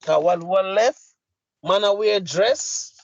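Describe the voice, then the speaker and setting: A man's voice: high voice, takes it slowly, dry recording. A middle-aged man with a Jamaican accent, a podcast co-host delivering a heated, profane, emphatic rant. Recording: dry, slightly muffled lo-fi audio.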